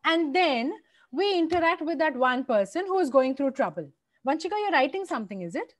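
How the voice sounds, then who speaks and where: A woman's voice: sits high, lively intonation, fairly quick, dry recording. A young woman with an Indian accent teaching an English class to children, firm and directive, slipping into Hindi now and then.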